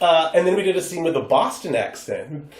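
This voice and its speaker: A man's voice: fairly high pitch, fairly quick. An American man, a guest improv performer, chatting casually on a podcast and acting out quoted voices as he tells stories. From United States. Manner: animated, acts out quoted voices. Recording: roomy echo.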